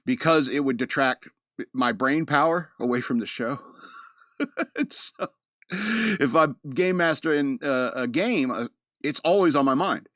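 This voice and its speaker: A man's voice: medium pitch, lively intonation, a little slow, a bit bright, no room sound. Man, mid-Atlantic American accent, podcast host, loose joking monologue, dry recording. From East Coast of the United States. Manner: rambling, joking, laughs often. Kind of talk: casual monologue.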